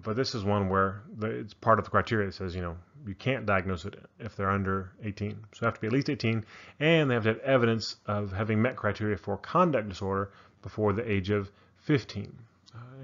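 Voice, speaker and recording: A man's voice: on the low side, a bit bright, highs cut off. A man giving a casual narrated psychology lecture, thinking aloud with frequent ums and restarts. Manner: casual, many fillers and restarts.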